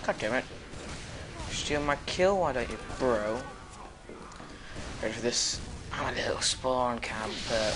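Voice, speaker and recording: An excitable young man talks over his gameplay in a slow, unhurried drawl. He mutters to himself, then bursts into sudden yelps and shouts. A faint hiss of noise sits behind him. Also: mid-range voice. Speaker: gamer commentating his play. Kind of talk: casual gameplay commentary.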